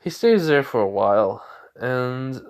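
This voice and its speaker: Sing-song and unhurried, a man with a medium-pitched voice improvises a made-up fan fiction story. His casual narration rambles, full of "like" and "you know."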